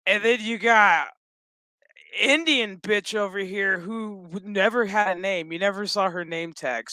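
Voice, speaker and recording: Dude ranting thru a show recap, cussing nonstop, super bright crisp voice, dry sound. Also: male voice, high voice, no echo, poor audio. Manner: profane, rambling and joking. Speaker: gaming channel host. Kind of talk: casual episode recap.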